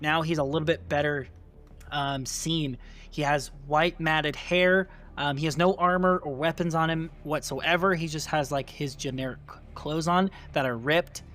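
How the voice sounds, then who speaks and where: A man's voice: a little high, fairly bright tone. A man narrating a tabletop game as game master, in a casual style full of fillers. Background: faint music.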